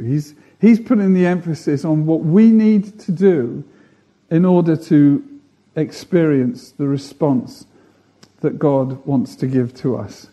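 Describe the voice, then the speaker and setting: A man's voice: on the high side, slow pace, warm tone, muffled recording. A man preaching a sermon, earnest, building emphasis through repeated phrases.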